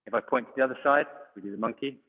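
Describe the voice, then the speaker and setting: A man's voice: medium pitch, racing. A man coaching a children's online exercise class, encouraging and calling out commands. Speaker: judo coach. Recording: phone-like audio, long hall reverb.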